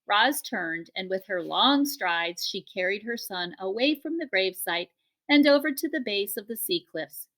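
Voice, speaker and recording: A woman narrating a children's novel aloud in an expressive storybook style. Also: medium pitch, normal speed. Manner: expressive, animated reading. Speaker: audiobook reader.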